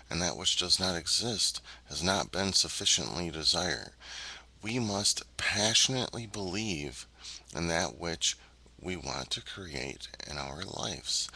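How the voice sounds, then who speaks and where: A man giving a spoken self-help lesson, earnest and measured, with frequent ums and uhs as he explains his points. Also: low-pitched, pushed and bright, poor audio. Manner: emphatic, addresses viewers directly.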